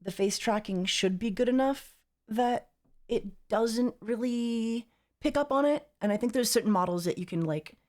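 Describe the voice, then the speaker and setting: A woman's voice: fairly high pitch, normal speed, a little mellow. A young adult woman streaming as a VTuber, chatting casually and reading chat aloud in a teasing, playful way.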